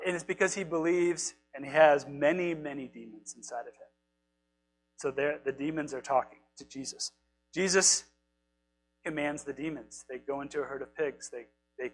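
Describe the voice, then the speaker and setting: A man preaching a casual, animated sermon, retelling scripture stories and acting out the quotes in a conversational way. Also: on the high side, normal speed, faint music behind, poor audio. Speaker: pastor.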